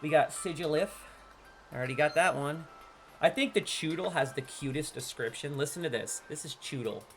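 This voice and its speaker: With soft music in the background, a man in his thirties opens card packs and talks casually to his stream at a moderate pace. One moment he is loudly boasting and trash-talking, the next he drops into low, relaxed asides.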